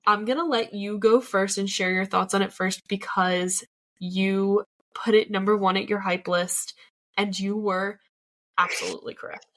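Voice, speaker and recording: A woman's voice: mid-range voice, steady tone, moderate pace, fairly bright tone. A young woman co-hosting a podcast, talking eagerly and chattily, often saying like. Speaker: podcast co-host. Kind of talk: casual chat.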